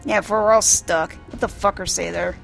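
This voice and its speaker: A woman's voice: mid-range voice, fairly even intonation, normal speed, vocal fry, faint music behind. A woman casually narrating a video game playthrough, describing the screen aloud and swearing now and then. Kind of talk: casual let's-play narration for blind listeners.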